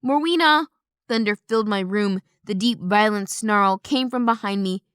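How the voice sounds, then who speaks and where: A woman giving brisk, expressive first-person audiobook narration on a close studio mic. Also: mid-range voice, smooth, no room sound.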